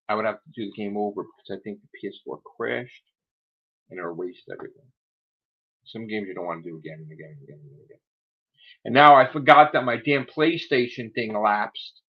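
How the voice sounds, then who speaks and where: Gravelly man rambling on a livestream. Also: mid-range voice. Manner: rambling, grumbling asides. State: losing his voice. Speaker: livestream host. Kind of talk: casual livestream chat. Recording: dull lo-fi sound.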